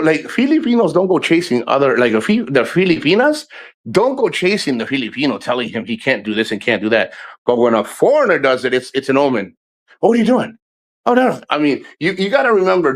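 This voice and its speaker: A man's voice: mid-range voice, a bit bright. A man chatting casually on a vlog outdoors near the water, rambling with lots of fillers, restarts and swearing. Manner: meandering, swears often, many fillers and restarts. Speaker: vlogger livestreaming.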